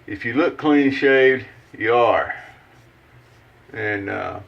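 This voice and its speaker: A man's voice: medium pitch, takes it slowly, vocal fry. A man with a mid-range voice chats in a folksy, rambling way while he shaves, walking through his routine with plenty of "uh"s and restarts. He sounds like he is at a bathroom sink, and the recording is dull and a little lo-fi. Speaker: shaving channel host. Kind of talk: casual how-to chat while shaving.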